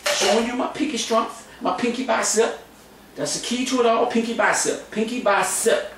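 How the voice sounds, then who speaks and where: A man's voice: very high-pitched, steady tone, moderate pace, a bit bright, slight background noise. Goofy man teaching drums in echoey room. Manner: goofy, repetitive, mock-boastful. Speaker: drum teacher. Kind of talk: comedic casual drum lesson. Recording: very echoey room, camera mic from a distance.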